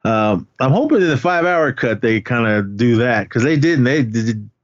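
A man co-hosting a podcast, casually recapping a film and slipping into animated character quotes. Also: mid-range voice, normal speed, dry recording. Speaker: podcast co-host. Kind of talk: casual movie-recap chat. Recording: dry, slightly muffled podcast audio.

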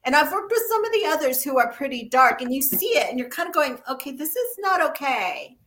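Bright-voiced woman telling lively stories. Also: high-pitched, fast talker, a little hiss or hum. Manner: animated, acts out the voices in her stories. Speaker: guest. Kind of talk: casual chat, storytelling.

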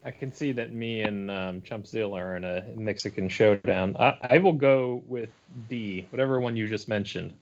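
A man's voice: fairly low pitch, normal speed, hardly any pauses, a little mellow. A man co-hosting a casual podcast, joking dryly about movies. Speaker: podcast co-host. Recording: dull lo-fi audio.

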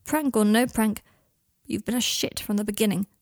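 A woman voicing a guarded, hurt young man who speaks coolly and precisely, with a husky, breathy voice. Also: on the high side, moderate pace, no echo, clean studio sound. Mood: cold, wounded. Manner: cool, precise, sharp-edged.

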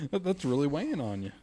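A man's voice: a little high, dark tone. A man hosting a podcast in a hotel room, chatting casually, often repeating words as he restarts and laughing easily. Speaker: podcast host. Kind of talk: casual chat.

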